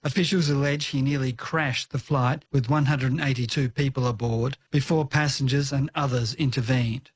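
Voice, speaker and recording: A man's voice: medium pitch, fairly even intonation, moderate pace, hardly any pauses, slightly rough. A man delivering a formal, scripted news report.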